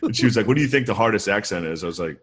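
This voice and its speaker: A man's voice: lowish voice, animated, racing, a bit bright, breathy edge. A man in his thirties co-hosting a comedy podcast, telling loose, profane stories and laughing as he goes. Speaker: podcast co-host. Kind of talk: casual comedic chat.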